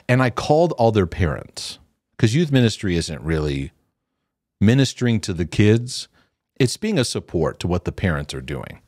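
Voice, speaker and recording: A man's voice: on the low side, no room sound, clean studio sound. A middle-aged man, a former youth pastor, telling stories in casual teaching talk and acting out the quotes. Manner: animated storytelling with acted quotes and restarts.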